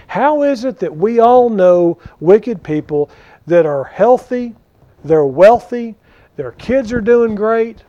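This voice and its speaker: A man teaching a conversational Bible study, animated and full of questions to his listeners. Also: high voice, takes it slowly. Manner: animated, rhetorical questions to the audience. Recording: dull lo-fi recording.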